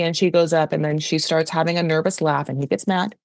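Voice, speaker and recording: Chatty low-voiced woman gossiping about TV. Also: brisk, dry recording, clean studio sound. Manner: chatty, gossipy, heavy use of "like". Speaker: podcast host. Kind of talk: casual pop culture recap.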